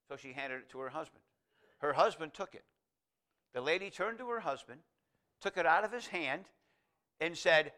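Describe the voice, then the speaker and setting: Man, pastor, sermon, folksy asides, loud emphatic lines, high-pitched, bright tone. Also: lively intonation, normal speed, pauses often. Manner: folksy, digressive, reads scripture aloud.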